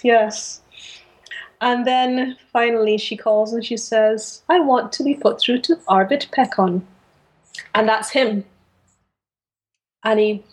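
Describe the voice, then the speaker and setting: A woman with a fairly high voice co-hosts a casual book podcast. She retells stories in an animated way, stumbling through fillers and restarts as she goes. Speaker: podcast co-host.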